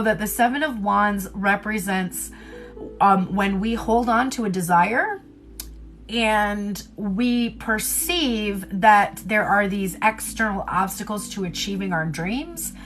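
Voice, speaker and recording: A woman's voice: mid-range voice, slow pace, a bit bright, soft background music. A woman giving a casual livestream tarot reading, chatty and candid, who laughs often and swears casually. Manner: loose, rambling delivery with many fillers. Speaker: tarot reader.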